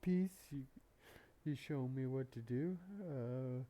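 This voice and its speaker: A man's voice: medium pitch, slow, highs cut off. A man hosting an anime reaction video, talking in a rambling, casual way with many fillers and some swearing. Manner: rambling, filler-heavy, profane. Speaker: anime reaction channel host.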